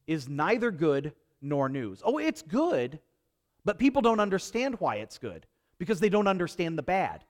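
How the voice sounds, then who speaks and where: A male pastor preaching a sermon to his congregation, emphatic and repetitive, with joking asides. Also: sits high. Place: church before a congregation.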